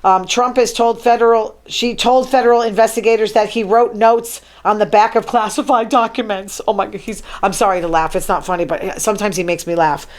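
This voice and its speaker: A woman's voice: mid-range voice, fairly even intonation, a little fast, few pauses. A woman hosting her own talk show, reading news items from her notes and adding chatty, wry asides. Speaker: show host. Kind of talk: casual solo talk show monologue.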